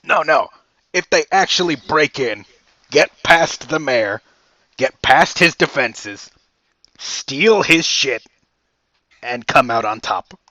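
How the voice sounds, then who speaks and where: A man's voice: mid-range voice, takes it slowly, pauses often, bright, forceful tone, no echo, dull audio. A man playing a weary, fed-up town guard. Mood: exasperated. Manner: dry, fed-up and blunt.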